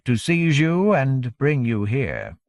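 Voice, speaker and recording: A man voicing a grim male fixer who explains things in a flat, matter-of-fact way, in an audiobook. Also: mid-range voice, slow, no echo.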